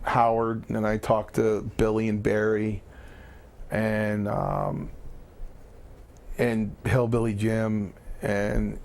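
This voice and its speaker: A man's voice: lowish voice, creaky. Middle-aged man telling a rambling story. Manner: animated storyteller with frequent restarts. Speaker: guest, former wrestler turned lawyer. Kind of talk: casual anecdote.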